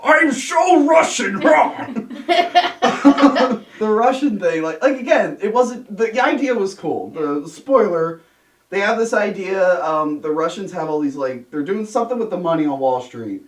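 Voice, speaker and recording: A man's voice: high voice, moderate pace, distant mic. Sarcastic young man ranting about movies. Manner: sarcastic, swearing, animated rants. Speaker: movie review host. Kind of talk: casual chat. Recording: roomy sound from off-mic.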